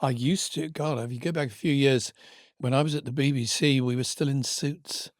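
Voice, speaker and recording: A man's voice: mid-range voice, steady tone, moderate pace, no echo, clean studio sound. An older man, co-hosting a casual podcast chat and laughing often. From England. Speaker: podcast co-host.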